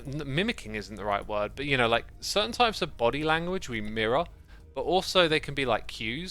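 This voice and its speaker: A man's voice: mid-range voice, sharp tone. A man talking casually to his livestream chat while playing a game, thinking aloud and rambling. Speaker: game streamer. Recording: faint background music.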